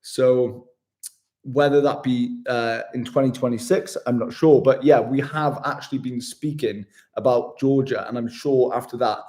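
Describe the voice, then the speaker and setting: A travel vlogger chats casually with viewers on his live travel stream, upbeat and chummy, calling them mate. His voice is mid-range and mellow, with a steady tone at a normal speed.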